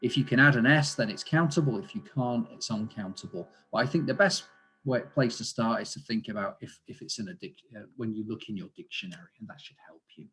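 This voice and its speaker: A man's voice: on the low side, fairly quick, a bit bright, faint music behind. A man, a teacher trainer, explaining grammar in an online lesson over a video call, with frequent fillers and asides about the chat.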